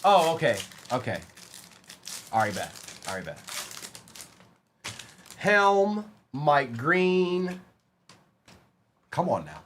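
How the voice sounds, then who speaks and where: A young man on a live stream, chatting casually and calling out player names as he opens card packs, getting excited along the way. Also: a little high, very slow, pauses often, a little hiss or hum.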